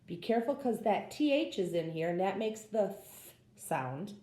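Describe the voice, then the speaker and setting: A woman's voice: mid-range voice, sing-song, measured pace, hardly any pauses, darkish tone, reverberant. A woman teaching a phonics lesson, patiently sounding out words for young learners.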